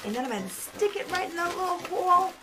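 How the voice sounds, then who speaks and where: High-pitched lady kids' host, gaspy and sing-songy, music playing underneath. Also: fast talker. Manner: excitable, gasping, sing-song talk to small children. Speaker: children's show host. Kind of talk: children's program presenting. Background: background music.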